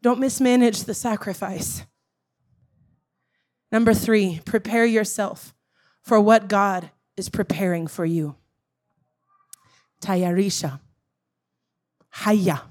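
A woman's voice: medium pitch, slow pace, long pauses, darkish tone. A woman preaching a sermon, emphatic and calling out to the congregation with repeated questions. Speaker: pastor.

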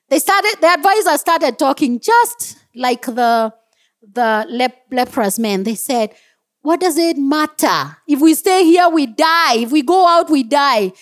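A woman preacher delivers a sermon in church, her voice high and full of swoops. She is animated, laughs at her own stumbles and lets out joyful whoops. The delivery is lively from start to end. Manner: animated, laughs at herself, shouts of joy.

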